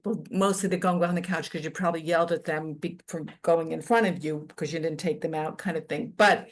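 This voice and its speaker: Female guest from New York, lowish voice, muses aloud in a chatty way. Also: steady tone, fairly quick. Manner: reflective, chatty, thinks aloud. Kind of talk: casual radio interview.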